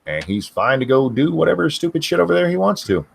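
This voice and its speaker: A man hosting a live stream, reading out chat questions and answering bluntly in a casual, halting way full of fillers and restarts. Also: fairly high pitch, big pitch swings, vocal fry, husky.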